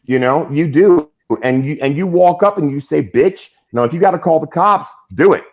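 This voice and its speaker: A man's voice: on the high side, a little fast. A man from the Boston area ranting animatedly in casual chat on a livestream, swearing freely. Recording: dull lo-fi call audio.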